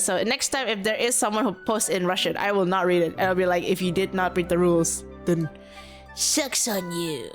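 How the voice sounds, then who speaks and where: A woman streaming a game and chatting casually, expressive and exclamatory, laughing often. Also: medium pitch. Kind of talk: casual livestream commentary. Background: game music.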